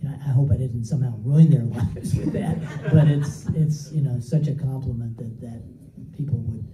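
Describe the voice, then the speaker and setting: An older man, a screenwriter, tells lively anecdotes at a film Q&A and laughs easily. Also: medium pitch, normal speed, a loud crowd. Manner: animated storyteller who laughs easily. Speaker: screenwriter, panel guest. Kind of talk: storytelling Q&A anecdote. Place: movie theater stage. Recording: echoey theater, mic far off.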